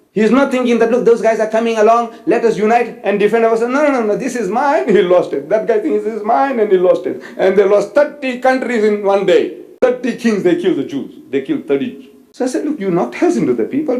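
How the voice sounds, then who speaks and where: A man giving a religious lecture, retelling a debate with lively storytelling and acted-out dialogue. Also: sits high. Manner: storytelling, animated, mimics dialogue. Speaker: Islamic preacher. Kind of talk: recorded lecture with retold debate. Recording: echoey hall recording.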